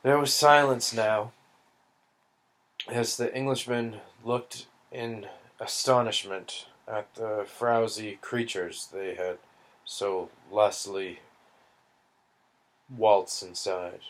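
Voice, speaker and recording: Slow, deliberate male reader. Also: medium pitch, fairly even intonation, a bit bright. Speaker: audiobook reader. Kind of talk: reading a novel aloud.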